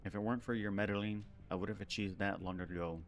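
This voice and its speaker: A bitter young would-be villain, ambitious and sneering, full of resentment, voiced by a man reading game dialogue on stream. His voice runs low and deep, laced with scorn. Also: steady tone, quick pace, faint music behind, lightly acted. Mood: scornful.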